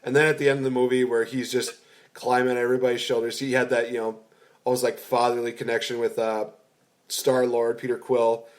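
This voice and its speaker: An excitable man talks through a film in a casual podcast chat. His voice sits at an ordinary middle pitch, and he rambles, restarting sentences as he gushes. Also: fairly quick. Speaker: podcast co-host. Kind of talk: casual movie review chat.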